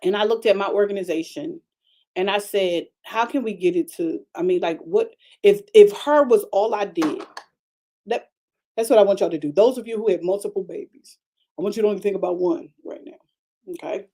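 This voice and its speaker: A woman pastor delivers a broadcast sermon in a loose, conversational way, repeating key phrases and addressing the congregation directly. Her voice sits at an ordinary pitch for a woman, with a warm, mellow tone. She gets animated, stumbles into restarts and keeps pushing forward. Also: moderate pace. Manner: chatty, repetitive, calls out to the congregation; animated preaching with frequent restarts.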